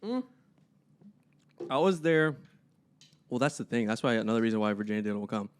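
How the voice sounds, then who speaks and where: A man's voice: mid-range voice, normal speed, clean tone. A young man, a podcast co-host, telling stories in a casual chat and acting out the people in them. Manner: animated, acts out people in his stories.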